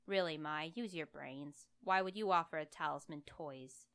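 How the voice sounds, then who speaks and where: Aloof young male boss in a storybook, curt and lecturing, voice kept low and smooth; a woman reads him. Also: normal speed, fairly bright tone. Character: cool arrogant young male ghost hunter boss.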